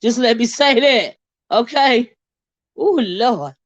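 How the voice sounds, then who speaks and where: A woman's voice: on the high side, animated, takes it slowly, no room sound. A woman, chatting casually to her viewers, talkative and laughing often. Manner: chatty, laughs a lot, drawls "child" and "y'all". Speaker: vlogger.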